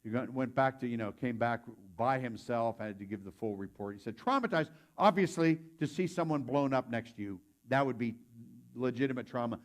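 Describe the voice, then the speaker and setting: A middle-aged man preaching a sermon at a mid-range pitch. He tells his stories casually and quotes the people in them aloud. Now and then he shouts out their lines. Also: brisk, few pauses. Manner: conversational storyteller, voices quoted people with sudden loud outbursts. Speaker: pastor.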